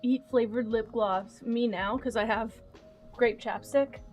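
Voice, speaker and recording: A young woman chatting casually on a livestream, soft-spoken and quick to laugh as she talks to her cats and her chat. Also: fairly high pitch, fairly even intonation, over music.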